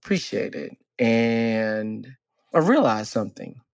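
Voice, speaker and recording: A man in his forties, co-hosting a casual podcast as a relationship coach. He talks earnestly and reflectively, drawing out key phrases slowly. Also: on the low side, expressive, vocal fry, no room sound, clean studio sound.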